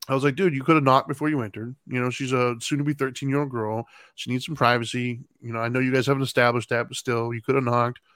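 A middle-aged podcast co-host, mid-range in pitch, shares a lively story during easygoing conversation. He chuckles along and performs his kids' lines. The recording is dry.

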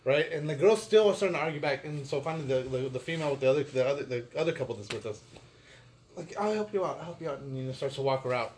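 Casual guy spinning a wild story, laughs a lot, soft background noise. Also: mid-range voice, fast talker. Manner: animated storyteller, acts out quotes, laughs often. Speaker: podcast co-host.

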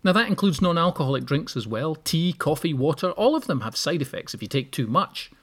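A man's voice: a little high, sing-song, a little fast, a bit bright, husky. A man hosting a solo podcast, giving practical tips with wry, joking asides. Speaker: podcast host. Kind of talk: solo podcast advice talk.

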